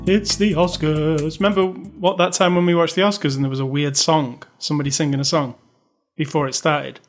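A man co-hosting a podcast, chatting casually and eagerly in quick bursts. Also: on the high side, steady tone, soft background music. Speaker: podcast co-host. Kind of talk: casual chat.

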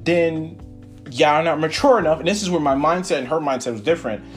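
Animated, profane young man rambling. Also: fairly high pitch, fast, soft background music. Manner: animated, profane, rambling retelling with many fillers. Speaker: podcast host. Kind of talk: casual solo storytelling.

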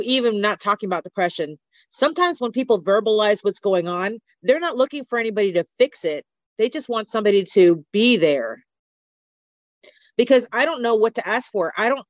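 A woman guest on a podcast talks in an earnest, open, reflective way at a middling pitch. The sound is dry and close, with a dull, lo-fi edge. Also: no echo. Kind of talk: candid conversational interview.

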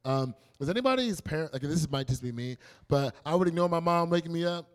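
A young man giving a casual, animated youth sermon, telling stories and acting out quotes. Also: on the high side, quick pace, smooth. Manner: animated, playful storytelling with acted quotes. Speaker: youth pastor.

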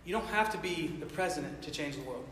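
A man's voice: a little high, lively intonation, fast talker, fairly bright tone. Man, sermon, rhetorical questions, roomy echo, faint ambient noise. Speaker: preacher. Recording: echoey hall from far off.

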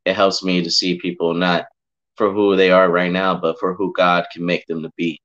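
Heartfelt low-voiced man, muffled audio. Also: flat delivery, moderate pace, a bit bright. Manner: heartfelt, emotional, preachy, says bro and man a lot. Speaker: podcast guest sharing testimony. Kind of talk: casual faith chat.

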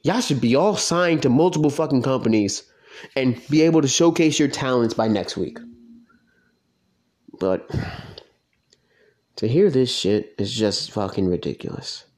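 A man's voice: animated, measured pace, pauses often, darkish tone. A man giving an angry, profane rant about an online wrestling league. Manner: profane, heated, pitch swinging widely.

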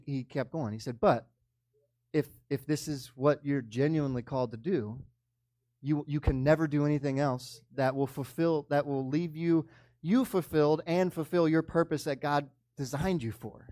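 Conversational young preacher telling a story. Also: male voice, high voice, a little mellow, no echo, studio quality. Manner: storytelling, conversational, rising to emphatic peaks. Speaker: pastor. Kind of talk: sermon.

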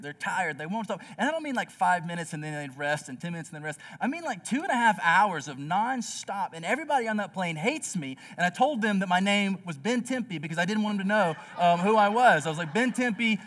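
A man's voice: on the high side, fairly bright tone, distant mic. A young man preaching a sermon as pastor of a church, telling stories with many "like" fillers. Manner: earnest storytelling with many "like" fillers.

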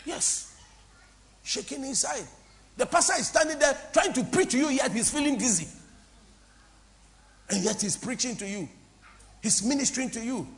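A woman pastor from Ghana, preaching a sermon to a congregation in an impassioned, repetitive, sing-song way that swings between soft and loud. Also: high voice, animated, moderate pace, pauses often. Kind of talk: preaching a sermon with call-and-response. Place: church before a congregation.

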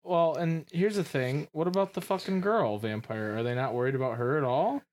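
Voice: medium pitch, a little fast, darkish tone. Co-host, rambling and crude in casual chat. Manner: rambling, fillers, crude jokes. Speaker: podcast co-host.

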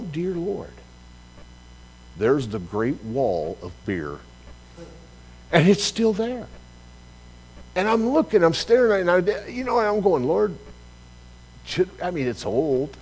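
A man preaching a sermon, telling a personal story with lively acted-out dialogue. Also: a little high, rough recording. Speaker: pastor.

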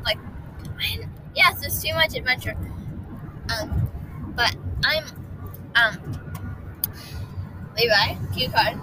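Groggy mom chatting away in a car, bouncy up and down voice, road rumble all over it. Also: female voice, takes it slowly, pauses often. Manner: animated, giggly, lots of ums. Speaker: podcast co-host with her son. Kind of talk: casual family chat and storytelling.

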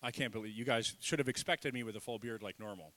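A man preaching a sermon as pastor, swinging from soft, tearful passages up to loud, emphatic peaks. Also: lowish voice, quick pace. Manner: impassioned, building to loud emphatic peaks then dropping soft. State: tearful, nose running.

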